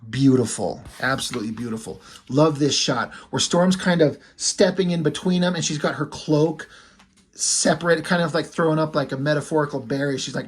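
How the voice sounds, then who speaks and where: Husky-voiced man chatting casually about comics. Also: fairly high pitch, moderate pace. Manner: loose and profane, thinking aloud; admiring, lingers on the art. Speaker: comic book reviewer.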